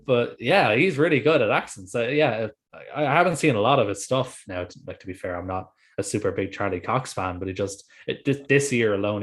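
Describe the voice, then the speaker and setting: A young man co-hosting a film podcast, telling stories in a lively, swearing, casual way. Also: fairly low pitch. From Ireland. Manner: animated, swears freely, tells stories. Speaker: podcast co-host.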